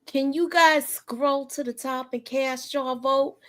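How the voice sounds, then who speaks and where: A woman's voice: high voice, slow. A woman hosting a casual live-stream chat about a TV show, talking straight to her viewers and laughing often. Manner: animated, asks viewers to vote, laughs often. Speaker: show host.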